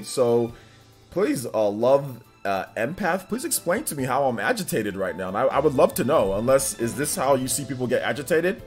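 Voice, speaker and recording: Very animated, with a mid-range, slightly rough voice at a moderate pace, this man runs a casual livestream with faint game music in the background. He reads the chat aloud, responds straight to viewers, and laughs a lot in chatty fashion.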